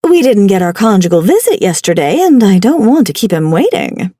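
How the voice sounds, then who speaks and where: A woman voicing a perky, somewhat haughty grandmother who talks briskly. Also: medium pitch, big pitch swings, warm tone, dry recording, clean studio sound.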